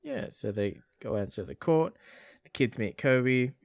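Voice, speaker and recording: A man's voice: mid-range voice, big pitch swings, unhurried, creaky, dry recording, clean studio sound. A man with an Australian accent co-hosting a podcast, recapping a movie in a rambling way with lots of fillers. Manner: rambling with fillers, uses "bloody" a lot. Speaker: podcast co-host. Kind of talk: casual movie recap chat.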